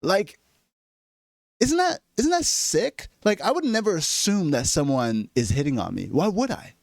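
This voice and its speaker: Exasperated man ranting, lively pitch. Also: measured pace, creaky, no echo, clean studio sound. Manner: exasperated, profane, animated. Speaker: vlogger. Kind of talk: ranting comedic monologue.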